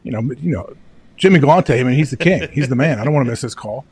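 A man co-hosting a podcast, teasing and quick-witted in casual chat, often laughing along. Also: mid-range voice, expressive, a little mellow, slightly rough, dry recording. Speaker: podcast co-host.

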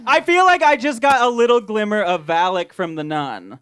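A woman's voice: mid-range voice, expressive, normal speed, fairly bright tone, slight background noise. A woman hosting a live podcast show on stage, playful and giggly, often laughing at herself. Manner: playful, giggly, self-deprecating. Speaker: podcast host. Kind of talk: live podcast chat with guests. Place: small theater stage, live audience.

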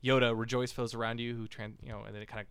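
A man's voice: mid-range voice, flat delivery, rapid-fire, fairly bright tone, clean tone, no room sound. A man hosting a casual podcast discussion, talking in a rambling way with many fillers and restarts. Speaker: podcast host.

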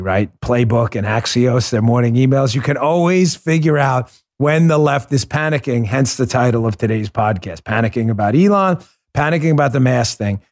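A man hosting a political podcast, delivering a combative, mocking monologue. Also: mid-range voice.

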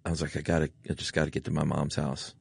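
A man's voice: very deep voice, monotone, fast, vocal fry, breathy edge, dry recording, clean studio sound. A man co-hosting a podcast in casual chat, joking and telling rambling personal stories. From Atlanta area, US. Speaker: podcast co-host.

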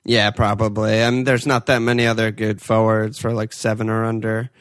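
A man's voice: on the low side, monotone, fairly quick, dry recording, clean studio sound. A man with a congested, stuffy voice, co-hosting a casual sports chat, rambling with lots of fillers and swearing. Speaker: podcast co-host. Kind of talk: casual fantasy football chat.

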